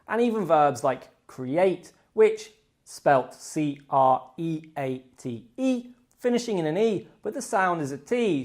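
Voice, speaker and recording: An English teacher giving a pronunciation lesson, slowing down to demonstrate each word ending clearly. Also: medium pitch, darkish tone.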